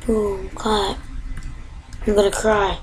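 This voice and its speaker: A woman giving casual, excitable commentary while playing a video game at home, often exasperated and yelping at tough jumps. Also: mid-range voice, slow, slight background noise, poor audio. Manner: exasperated, excitable, yelps and gasps. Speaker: gamer.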